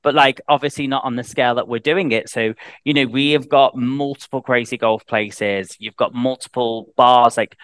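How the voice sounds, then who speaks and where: A man's voice: mid-range voice, fairly even intonation, moderate pace, few pauses, fairly bright tone, clean tone, no echo. A British man chatting as a guest on a podcast, talking loosely with many restarts and fillers. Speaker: guest, head of sales. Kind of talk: casual podcast interview.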